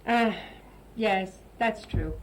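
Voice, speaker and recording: A woman's voice: mid-range voice, extremely slow, a little hiss or hum, rough recording. A woman hosting an English lesson for Italian learners, chatting and explaining, now and then translating into Italian. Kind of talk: casual classroom teaching.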